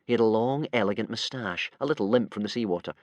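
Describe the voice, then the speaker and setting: A man reading a children's audiobook aloud with lively, expressive narration. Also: on the low side, fast, no room sound, highs cut off. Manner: lively, voices many characters.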